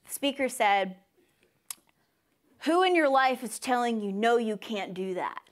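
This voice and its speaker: Young woman sharing her testimony at church, kinda high voice, getting teary, jumps way up when she quotes people. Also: animated, unhurried. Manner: emotional, near tears at times; acts out quoted voices with big pitch jumps. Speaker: speaker at a church service. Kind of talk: personal testimony to a congregation.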